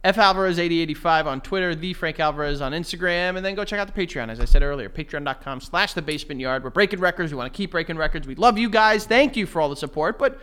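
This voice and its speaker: A man's voice: fairly high pitch, quick pace, few pauses, pushed and bright, smooth. A young man co-hosting a podcast, telling rambling stories in casual chat, swearing and laughing easily. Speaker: podcast co-host.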